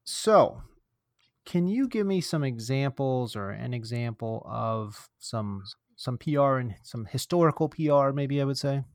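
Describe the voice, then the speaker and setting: A man's voice: medium pitch, lively intonation, a little slow, no room sound, clean studio sound. A man hosting a podcast in a casual, joking, chatty way, with fillers and asides. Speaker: podcast host.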